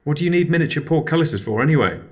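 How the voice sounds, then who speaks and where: High whiny outraged stoner guy as a guy puts him on, drawls every word, swears a lot. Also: expressive, racing, a little mellow, close to an everyday voice. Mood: indignant. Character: angry laid-back man ranting in slang.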